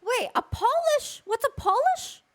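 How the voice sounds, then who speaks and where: A woman hosting a casual interview stream, excitable and often stumbling over her words. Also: very high voice, a little slow. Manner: excitable, stammering restarts. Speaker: streamer host.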